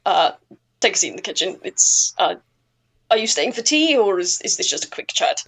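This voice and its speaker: A woman's voice: medium pitch, big pitch swings, moderate pace, fairly bright tone. A woman voicing a flustered, apologetic male plant-keeper who keeps scolding his plants. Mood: fretful.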